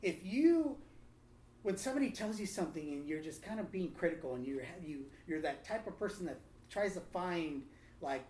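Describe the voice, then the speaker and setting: A man telling a testimony and preaching to a small group, lively and acting out other people's lines. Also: high-pitched, moderate pace. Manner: animated storytelling, acts out quotes. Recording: roomy echo, faint room noise.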